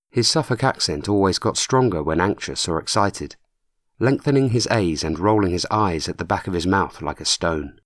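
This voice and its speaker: A man narrating an audiobook with measured storytelling. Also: sits low, expressive, no room sound, studio quality. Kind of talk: scripted narration.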